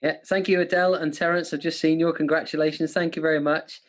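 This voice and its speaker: A man's voice: fairly high pitch, level tone, fast. A man hosting a live online quiz as a comedian, joking and self-deprecating while reading out comments. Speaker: quiz host and panto comic. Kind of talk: casual live-stream quiz banter.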